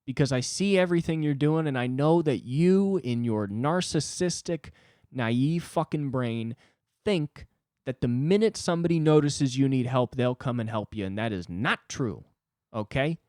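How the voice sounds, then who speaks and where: A man in his twenties hosting a solo comedy podcast, ranting in an agitated, profane way with sudden jumps in pitch. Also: animated, moderate pace, darkish tone, dry recording, clean studio sound. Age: 20s. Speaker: podcast host.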